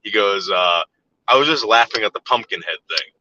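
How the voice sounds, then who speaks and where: A man's voice: lowish voice, lively intonation, normal speed, highs cut off, noisy background. A man in casual chat, telling a story in a rambling, profane way with frequent repeated words and restarts.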